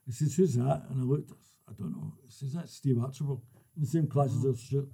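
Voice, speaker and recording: An older man with a Scottish accent, telling lively stories and laughing through his punchlines as a guest. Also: medium pitch, fairly quick, creaky, husky. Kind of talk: casual anecdotes.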